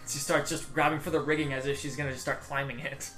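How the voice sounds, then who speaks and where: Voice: mid-range voice, level tone, quick pace, fairly bright tone, soft background music. A game master narrating a tabletop game scene, descriptive and often laughing. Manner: descriptive, laughs between lines.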